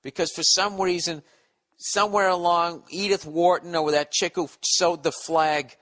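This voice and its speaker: A man's voice: high-pitched, steady tone, a little slow, fairly bright tone. A man hosting a podcast, ranting in a casual, profane, sarcastic and rambling way. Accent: Boston. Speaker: podcast host. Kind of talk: casual comedic rant.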